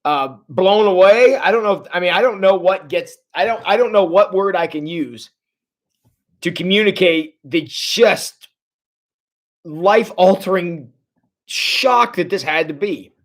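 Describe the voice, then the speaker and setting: A man leading a casual livestream Bible study as a pastor, chatty and animated, reacting to viewers' comments as he tells the story. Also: high voice, unhurried.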